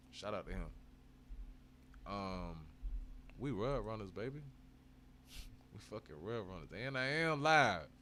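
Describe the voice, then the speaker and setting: A man's voice: fairly low pitch, fairly bright tone, slight background noise. A man hosting a live stream, chatting casually with heavy swearing, frequent laughs and bursts of hype. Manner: profane, hyped, laughs often.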